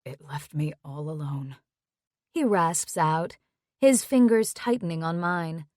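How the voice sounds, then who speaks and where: A woman voicing an earnest young male hockey player in an audiobook, speaking softly and sincerely. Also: lowish voice, expressive, a little slow, clean tone, no room sound, clean studio sound. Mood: tender.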